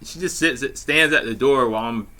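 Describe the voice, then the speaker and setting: A man's voice: medium pitch, normal speed, bright, forceful tone. A man casually telling a personal story, laid-back and slangy with plenty of swearing and fillers. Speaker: vlogger telling a dating story.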